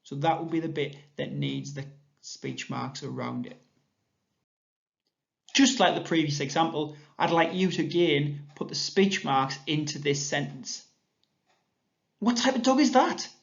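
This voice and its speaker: A man with an English accent, a primary school teacher giving a recorded grammar lesson, explaining patiently and clearly. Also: on the high side, a little slow. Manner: clear, patient explanation, reading examples aloud with lifted voice. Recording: dull lo-fi sound.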